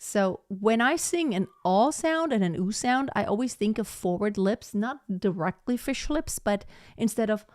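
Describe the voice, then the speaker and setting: A woman's voice: mid-range voice, lively intonation, normal speed, a little mellow, no room sound, clean studio sound. A woman voice teacher giving a live singing lesson, explaining technique and breaking into short sung demonstrations.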